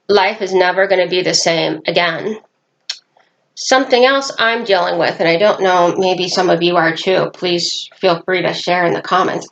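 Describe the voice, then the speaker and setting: A woman's voice: on the low side, fairly bright tone, dull audio, slight background noise. A woman from Nebraska rambling through a personal vlog in her small apartment, breaking off now and then to talk to her pets. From Nebraska, United States. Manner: rambling, talks to her pets mid-sentence. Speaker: vlogger.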